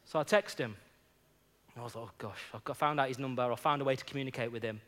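A man's voice: medium pitch, steady tone, fast, fairly bright tone. A man preaching in a church, telling personal stories in an earnest, conversational way, often saying "you know". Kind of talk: sermon with personal storytelling.

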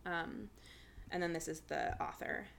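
A woman's voice: fairly low pitch, fairly even intonation, a little slow, vocal fry, fairly bright tone, slight background noise. A woman casually reading a passage aloud, adding her own comments and fillers between sections. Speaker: reader sharing a story.

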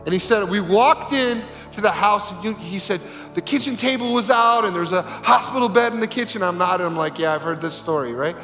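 A male pastor telling a story in a sermon, animated and acting out the voices of the people in it. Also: sits high, fairly quick, hardly any pauses. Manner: animated, acts out quoted voices. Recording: reverberant hall with faint music.

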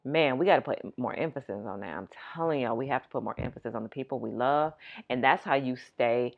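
Low female co-host, casual and animated, volume jumps with excitement. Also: fast, narrow, tinny audio. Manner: animated, swinging loud and high when excited. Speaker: podcast co-host. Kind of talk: casual chat.

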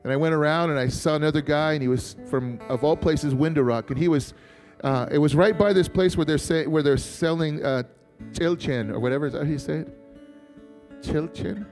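High-voiced chatty man preaching. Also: normal speed, darkish tone, faint music behind. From Montana. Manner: chatty, joking, asks the congregation to respond. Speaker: pastor. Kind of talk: sermon storytelling. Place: church.

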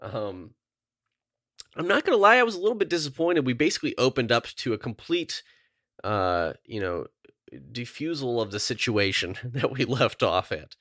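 A man's voice: medium pitch, very animated, moderate pace, a bit bright, no room sound, clean studio sound. A man co-hosting a podcast in casual chat, recapping at length with lots of ums. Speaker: podcast co-host.

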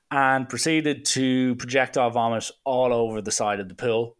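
A young man telling a funny anecdote in a casual, animated way, slipping into voices now and then. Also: mid-range voice, normal speed. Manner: lively, animated, breaks into voices. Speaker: storyteller.

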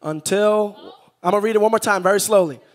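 Impassioned high-voiced male preacher. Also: a little fast. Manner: repetitive, building to loud shouted peaks; engages the congregation directly. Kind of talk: sermon. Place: church hall with a congregation.

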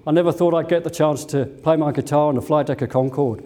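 A man's voice: on the high side, quick pace, dark tone, close to an everyday voice. A man quoting a cheerful famous musician.

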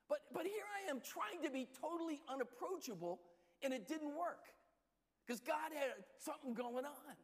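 A man preaching a sermon and telling stories, with lively shifts between soft and loud delivery. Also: normal speed, in a large hall. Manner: storytelling, lively shifts in pitch and loudness. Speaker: pastor.

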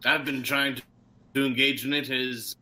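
A man's voice: mid-range voice, little pitch movement, moderate pace, bright, forceful tone. A man playing a tabletop game, talking in character in a playful, polite way. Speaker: player.

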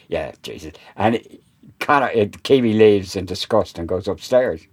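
An older man, a veteran film boom operator, telling animated on-set anecdotes in an interview. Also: normal speed, husky. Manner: animated storyteller, acts out quoted exchanges with laughs. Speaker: boom operator and sound mixer guest.

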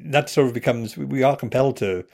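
A man's voice: mid-range voice, quick pace, creaky, darkish tone. A Welsh man in his thirties chatting casually as a podcast co-host, rambling with frequent restarts and chuckles. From Wales. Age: 30s. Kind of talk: casual chat.

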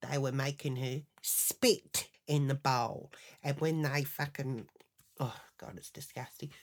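A woman hosting a podcast, telling a crude comic story with lots of swearing and indignation. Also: sits low. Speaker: podcast host. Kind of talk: comedic storytelling monologue.

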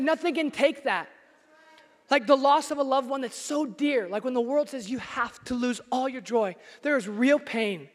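A man preaching a sermon as pastor in a church, emphatic and at times nearly shouting. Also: very high-pitched. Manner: emphatic, rising to near shouts. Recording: long hall reverb.

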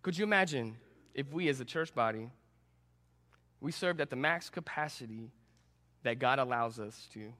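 A young adult man, a student pastor, preaching a sermon and telling a personal story with animated, self-deprecating humor. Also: mid-range voice, normal speed, pauses often. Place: church sanctuary. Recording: long reverb in a church hall.

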